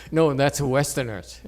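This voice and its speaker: A male meditation teacher leads a Buddhist dharma talk before an audience. He speaks slowly and playfully, teasing his listeners and checking that they follow. His pitch swings widely as he talks. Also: warm tone. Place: meditation center hall with audience.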